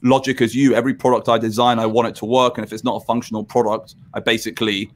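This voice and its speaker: A man's voice: medium pitch, level tone, fast talker. Rambling, enthusiastic male podcast host. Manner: rambling, enthusiastic, casual swearing. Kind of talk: casual podcast chat.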